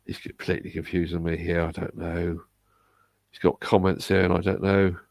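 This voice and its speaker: With a low-sitting, level, gravelly and slightly mellow voice, a Bristol-accented man from England reads out comments on his live stream. He's halting and unsure, restarting frequently, and the recording has no room sound.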